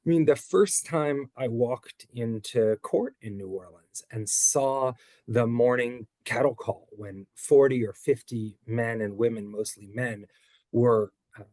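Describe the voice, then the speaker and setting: Earnest guy in his 40s answering interview questions, mid pitch, dry close sound. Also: a little mellow, no echo. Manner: earnest, articulate, measured. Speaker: author and former public defender.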